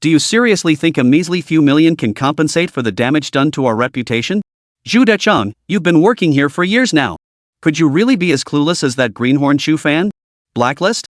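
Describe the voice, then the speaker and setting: A woman's voice: low-pitched, animated, brisk, no echo, clean studio sound. A man voicing a scheming, sarcastic young woman executive in a story recap, mocking as he reads her lines. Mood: scolding. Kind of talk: recap narration role-reading.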